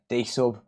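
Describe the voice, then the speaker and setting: A man's voice: mid-range voice, breathy edge. A man chatting casually on a live repair stream, blunt and sweary, joking and ranting as he works. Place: repair workbench.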